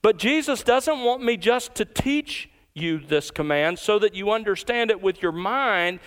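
Man preaching, high voice, smooth and resonant, emphatic, slows on key words. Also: expressive, a bit bright. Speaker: pastor. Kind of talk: sermon.

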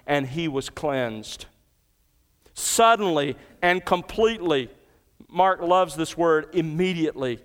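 A man preaching an expository sermon. He works through the verses emphatically, swelling on key points and dropping low for quotes. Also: a bit bright, smooth. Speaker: pastor.

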